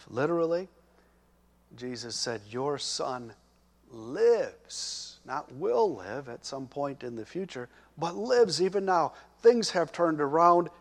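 A man preaching a sermon, slow and emphatic, growing loud and urgent when he speaks the characters' words. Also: medium pitch, very animated. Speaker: pastor.

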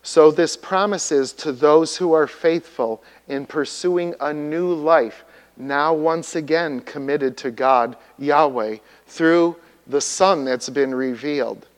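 A man's voice: a little high, slow pace. Preacher man in a reverberant hall. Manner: teacherly, asks the congregation questions. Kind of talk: sermon.

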